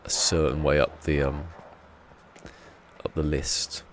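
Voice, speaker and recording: A man's voice: rumbling low, level tone, slow, a little hiss or hum. A man streaming a game from home, chatting casually and rambling in a self-deprecating way. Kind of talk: casual live-stream chat.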